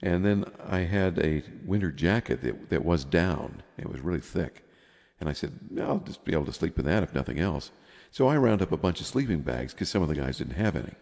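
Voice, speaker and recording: A man's voice: low-pitched, animated, a little fast, a little mellow, big-room sound. A man in his fifties telling a long rambling story in casual chat, laughing as he goes. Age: 50s. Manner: rambling, laughs often while telling stories. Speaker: podcast co-host.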